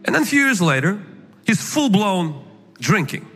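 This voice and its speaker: A male pastor preaching a sermon, emphatic and animated, at times shouting his points. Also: high-pitched, normal speed, slightly rough. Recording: echoey hall with faint music.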